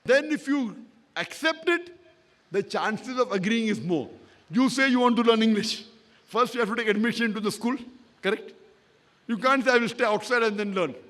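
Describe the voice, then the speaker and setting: A man's voice: very high-pitched, normal speed, fairly bright tone. A man lecturing in a public question-and-answer talk, emphatic and repetitive, often checking that he is understood. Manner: emphatic, repeats points, checks agreement with "correct?". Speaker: Islamic lecturer answering an audience member.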